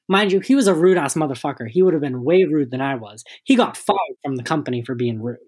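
A young man co-hosting a podcast, telling a story in a casual, animated way, cursing freely and acting out the people in it. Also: fairly high pitch, fast, hardly any pauses, husky. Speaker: podcast co-host.

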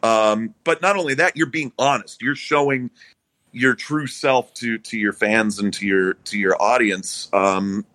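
A man's voice: fairly low pitch, a little slow, pushed and bright, dry recording. A young man, a comedian guest, talking casually in a rambling, profane, self-mocking way. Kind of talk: casual interview chat.

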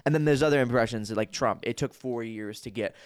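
A man's voice: mid-range voice, fairly quick, clear, resonant tone. A young man, a guest impressionist and comic, chatting casually in a podcast and talking around his points with lots of fillers. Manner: chatty, with frequent fillers and self-corrections.

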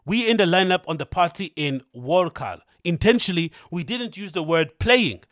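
A man's voice: high voice, expressive, moderate pace, fairly bright tone, no echo, studio quality. A man voicing an irate foreign male DJ, with a put-on accent and broken English. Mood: indignant.

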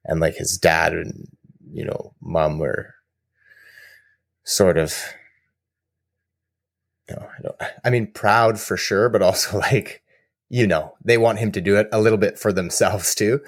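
A man co-hosting a podcast, telling rambling, animated stories in casual chat. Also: sits low, measured pace, gravelly, long pauses, no echo, studio quality. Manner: rambling, animated storyteller with fillers. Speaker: podcast co-host.

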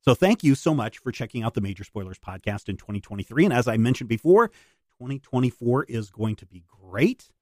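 A man hosting a podcast, enthusiastic and rambling, with a lively, swinging pitch. His voice is medium in pitch and sounds dry and close. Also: a little fast, dry recording. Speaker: podcast host. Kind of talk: casual podcast chat.

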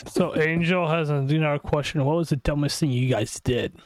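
A man's voice: on the high side, moderate pace. A man hosting a podcast who reads out listener questions in casual chat and teases his co-hosts with a chuckle.

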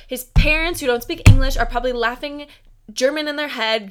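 A woman's voice: a little high, brisk, clean tone. A young woman from the United States hosting her own podcast, chatting casually with lots of "like" fillers and giggles. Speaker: podcast host. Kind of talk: casual solo podcast chat.

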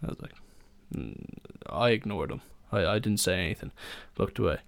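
A man's voice: sits low, lively intonation, quick pace, vocal fry, no echo. A young man, hosting a solo podcast and telling rambling stories in a casual chat, full of fillers and restarts. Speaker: podcast host.

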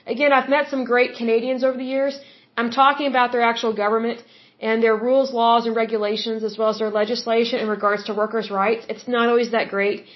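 Woman, middle-aged, podcast host, chatty, emphatic, repeats herself, slightly high voice, muffled lo-fi sound. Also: flat delivery, brisk. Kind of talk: casual solo podcast monologue.

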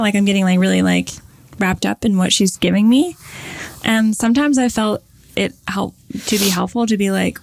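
A woman's voice: medium pitch, normal speed, vocal fry, dry recording. Woman cohost rambling casually, lots of likes, dry close sound. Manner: chatty, many "like" fillers, animated storytelling. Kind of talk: casual chat.

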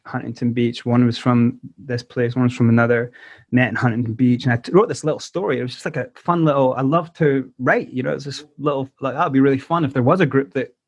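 A Scottish-accented man talks through a casual interview, lively and quick to slip into the voices of people in his stories. His voice sits at an ordinary middle pitch, and the sound is dry and close with no room echo. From South Africa. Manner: animated storyteller who acts out quoted voices. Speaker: musician guest.

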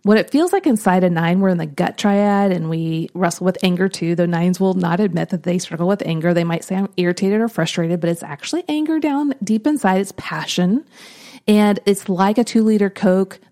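Woman podcast host, mellow, creaky low voice, earnest and reflective. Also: fairly quick. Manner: earnest, reflective, often trailing off softly. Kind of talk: personal storytelling on a podcast.

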